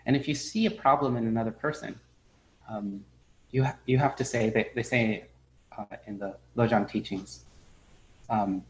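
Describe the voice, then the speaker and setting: Halting, storytelling male Buddhist teacher. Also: fairly low pitch, rough recording. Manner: relaxed, halting, many fillers and restarts; tells stories, briefly acting out quoted people. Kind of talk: dharma talk.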